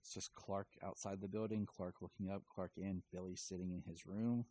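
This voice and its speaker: Brief: casual male comic reviewer, deep, mellow, slightly breathy. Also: flat delivery, moderate pace, rough recording. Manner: rambling, filler-heavy retelling. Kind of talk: casual chat.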